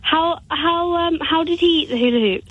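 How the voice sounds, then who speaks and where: A woman's voice: very high-pitched, moderate pace, dry recording. A woman co-hosting a chat show, teasing and chatty, heard over a phone line. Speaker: radio show co-host. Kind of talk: casual chat.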